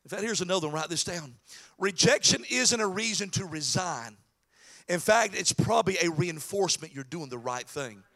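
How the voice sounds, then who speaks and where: Pastor guy preaching, bright sharp tone, gets loud and shouty. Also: high-pitched, expressive, normal speed. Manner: preaching with swings from soft mockery to shouted exhortation. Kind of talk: sermon.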